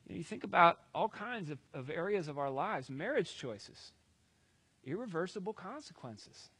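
Brief: man preaching, conversational and wry, high voice, dry close sound. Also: big pitch swings, normal speed, bright, forceful tone, slightly rough, no echo. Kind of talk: sermon retelling a scripture story.

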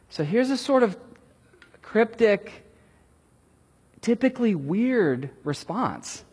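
A man preaching with a lively, storytelling delivery, his pitch leaping around as he talks. His voice is husky and a bit raised. A long hall reverb hangs behind everything he says. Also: slow pace. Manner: lively, conversational, animated storytelling. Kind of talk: sermon.

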